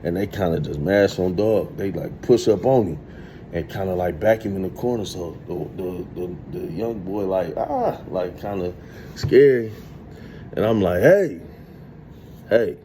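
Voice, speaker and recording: A man in his thirties telling a streetwise, profane story in a casual, animated monologue. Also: low voice, moderate pace, slight background noise. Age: 30s. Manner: streetwise, profane, animated retelling with acted quotes.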